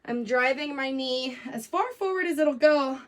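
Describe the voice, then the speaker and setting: A woman with a high voice coaches a workout while doing it herself. She counts reps aloud between panting breaths and keeps things upbeat with little jokes. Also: normal speed, fairly bright tone. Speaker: fitness coach. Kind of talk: workout instruction while exercising.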